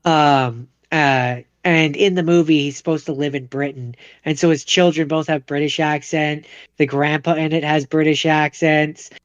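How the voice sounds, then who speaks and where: Halting young man, smooth but muffled. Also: on the high side, steady tone, no echo. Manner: halting, many fillers and restarts. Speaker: podcast co-host. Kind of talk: casual chat.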